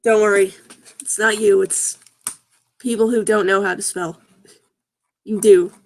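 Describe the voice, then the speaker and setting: In an unhurried, steady mid-range voice, a woman hosting a video reads awkward fan fiction and comments in a relaxed, comic style. She often giggles and laughs, sounding baffled whenever she stumbles over a line.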